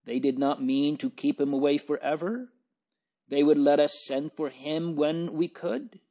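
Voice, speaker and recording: A man voicing a gentle, anxious young noble girl who pleads softly, in a dull lo-fi recording. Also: fairly low pitch, slow pace. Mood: earnest pleading. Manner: pleading, soft.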